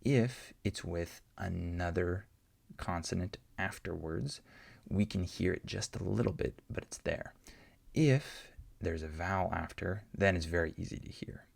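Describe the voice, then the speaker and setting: A man's voice: sits low, unhurried, creaky. A man teaching English pronunciation, answering learner questions and patiently repeating example words to show each sound.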